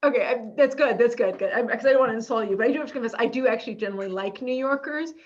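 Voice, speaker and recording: A woman's voice: fairly high pitch, very fast. A woman in her fifties hosting a podcast interview, bubbly and teasing in casual chat, laughing often. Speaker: podcast host. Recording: dull lo-fi audio.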